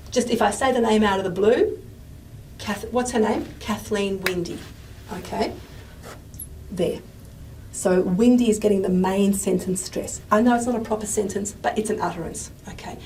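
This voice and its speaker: A woman's voice: mid-range voice, a little mellow. Woman teaching a class at the board, lots of um and okay, mic kinda far off, faint room hiss. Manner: chatty explanatory teaching with frequent "okay?" and "um". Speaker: lecturer. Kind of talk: classroom lecture at a whiteboard. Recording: voice from a distance with faint room noise.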